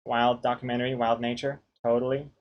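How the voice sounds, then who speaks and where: A man chatting casually on a live stream, reading viewer suggestions aloud one by one. He jokes about each one and laughs between them. His pitch sits in the middle for a man. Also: flat delivery, fairly quick, highs cut off. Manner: jokey, reads names aloud, laughs often.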